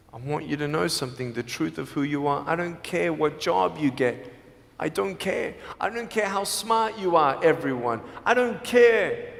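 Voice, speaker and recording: A man giving an emphatic motivational speech to students on stage, shifting between quiet lines and shouting. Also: fairly high pitch, animated, normal speed, gravelly. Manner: emphatic, swings from soft to shouting. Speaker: motivational speaker. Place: large hall on stage. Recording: long hall reverb, faint music.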